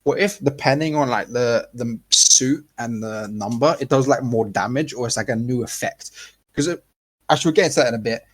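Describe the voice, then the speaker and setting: A man co-hosting a laid-back podcast, talking in a loose, rambling way with lots of false starts and the odd swear word. His voice sits at an ordinary middle pitch and he gets animated as he goes. It's plain, unforced chat. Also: brisk. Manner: rambling, animated, swears freely, frequent restarts. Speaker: podcast co-host. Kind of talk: casual chat.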